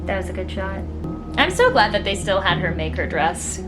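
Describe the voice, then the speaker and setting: A woman giving casual reaction commentary on a film, animated, exclaiming and laughing as she watches. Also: medium pitch, normal speed, over music. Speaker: movie reaction vlogger. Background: film soundtrack playing.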